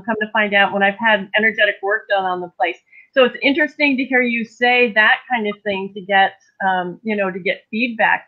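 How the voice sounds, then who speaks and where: A woman hosting an interview over a remote call, talking in a reflective, hesitant way with many fillers. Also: medium pitch. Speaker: host. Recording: tinny phone-like call line.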